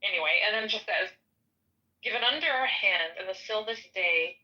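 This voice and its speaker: Woman reading aloud, solemn, slow, bright-toned, dull lo-fi sound. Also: medium pitch. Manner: slow solemn recitation with stumbles over names. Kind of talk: reading a ritual text aloud.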